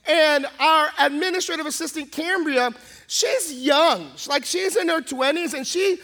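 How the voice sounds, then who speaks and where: High, bright-voiced man preaching. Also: measured pace. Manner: animated storytelling, acting out the scenes. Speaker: pastor. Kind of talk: sermon.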